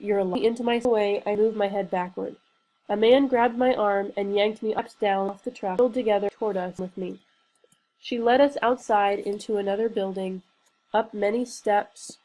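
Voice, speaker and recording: A woman reading a novel aloud in a steady, earnest storytelling manner. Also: mid-range voice, low-quality recording. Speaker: reader. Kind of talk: audiobook narration.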